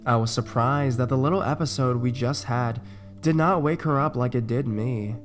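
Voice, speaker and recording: A man narrating a first-person horror story in a steady, conversational reading voice. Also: mid-range voice, moderate pace, soft background music.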